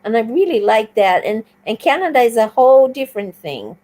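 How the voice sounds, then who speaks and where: Excited high-voiced woman chatting as a guest, lots of enthusiasm. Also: fairly quick, poor audio. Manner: animated, enthusiastic storytelling. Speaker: guest on a live stream. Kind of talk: casual conversation.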